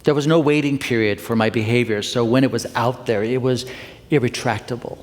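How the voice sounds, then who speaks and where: A middle-aged man delivers a Sunday talk from the pulpit, confessional and conversational, turning to the congregation with playful questions. His voice sits at an ordinary middle pitch. It rings out into a sanctuary with a long reverb tail. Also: steady tone, brisk. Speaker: minister. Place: church sanctuary.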